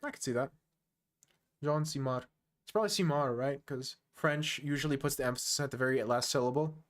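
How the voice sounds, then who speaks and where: A man streaming online chess, chatting casually and thinking aloud, quick to make fun of his own play. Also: mid-range voice. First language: English. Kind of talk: casual live-stream commentary.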